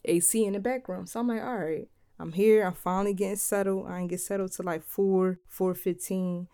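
A young woman from Philadelphia casually telling a travel story in a laid-back, slangy, animated way. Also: medium pitch, fairly quick, clean tone, no room sound, studio quality.

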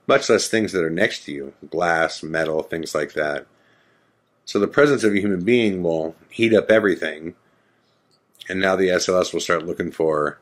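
A man with a very low, deep voice tells a story in a loose, casual way. He rambles and fills pauses with frequent "uh"s and "you know"s, adding skeptical asides as he goes. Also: a bit bright. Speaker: storyteller recounting a ghost hunt.

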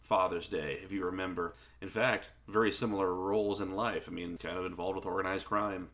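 A man's voice: low-pitched, fairly even intonation, a little fast, a bit bright. A man co-hosting a podcast review in casual chat, adding dry, wry remarks. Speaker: podcast co-host.

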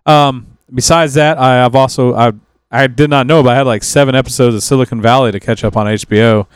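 A man's voice: mid-range voice, brisk, clean tone, dry recording. A man co-hosting a podcast, chatting casually with friends and rambling loosely with lots of restarts. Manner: rambling, relaxed, with many restarts and trailing sentences. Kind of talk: casual chat.

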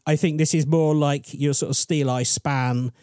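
A man's voice: fairly high pitch, steady tone, normal speed, darkish tone, dry recording, clean studio sound. A man co-hosting a podcast, telling a story in a chatty, rambling, self-deprecating way. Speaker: podcast co-host presenting the story. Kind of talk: casual storytelling chat.

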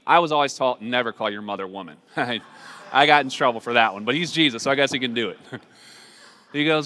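A man's voice: medium pitch, fast. Man preaching in a reverberant hall. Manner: conversational, warm asides with repeated restarts. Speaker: pastor. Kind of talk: sermon.

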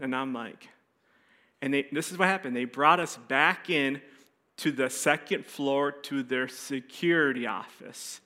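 A man preaching a sermon, telling a personal story with animated voices and quiet, serious stretches. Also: mid-range voice, moderate pace. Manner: animated storyteller, acts out voices, drops soft for serious moments. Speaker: pastor.

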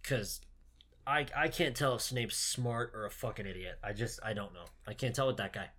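A man's voice: lowish voice, moderate pace, sharp tone. A man co-hosting a podcast, recapping a movie in casual, profane, joking chat. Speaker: podcast co-host.

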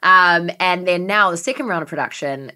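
Guest spot: low-pitched woman, New Zealand accent, easygoing chatter peppered with "like". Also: normal speed, sharp tone, clear, resonant tone. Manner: chatty, fillers of "like", swears casually. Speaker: guest, brand founder. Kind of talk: casual podcast chat.

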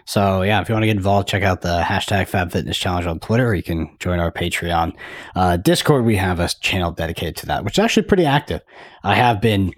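A man co-hosting a casual podcast, relaxed and rambling. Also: deep voice, quick pace, no room sound. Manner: relaxed, rambling, laughs easily. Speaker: podcast co-host.

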